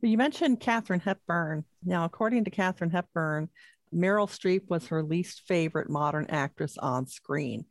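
A woman co-hosting a casual talk show in a conversational, measured way. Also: lowish voice, dry recording. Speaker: co-host. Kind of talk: casual chat.

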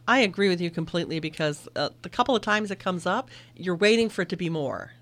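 A middle-aged woman who teaches film, discussing a movie in a relaxed, thoughtful way. Her voice sits a little low, and she laughs easily between points. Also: fast. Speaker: film instructor and guest.

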